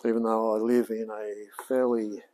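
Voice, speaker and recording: This is a man in his forties from Australia, a hobby mechanic livestreaming from his home workshop, chatting casually and muttering to himself as he works. He speaks at a moderate pace in a fairly low, flat voice with little pitch movement, and background noise is audible.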